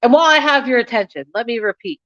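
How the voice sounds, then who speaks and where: Dull lo-fi audio captures a young adult woman, a YouTube channel host, running a casual live chat with her viewers. She talks fast, frankly and scatteredly, with frequent laughter. Her voice sits on the high side, a bit bright, with lively intonation.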